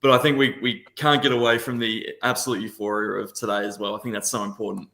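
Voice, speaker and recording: A man talks about football with a bright, forceful voice, full of passion but often circling back and restarting his sentences. He sounds like he is in an echoey room, on a casual podcast panel over a video call. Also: on the low side, little pitch movement, fast, vocal fry. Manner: passionate, rambling with frequent restarts.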